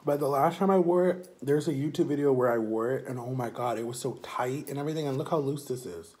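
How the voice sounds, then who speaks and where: A man's voice: mid-range voice, fast, a little mellow. A man chatting casually and upbeat in a vlog, filling his talk with "like". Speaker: vlogger.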